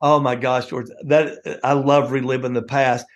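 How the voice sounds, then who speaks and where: A man hosting a reminiscing conversation, telling stories in an animated way and laughing often. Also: medium pitch, a little slow, muffled recording. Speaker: host.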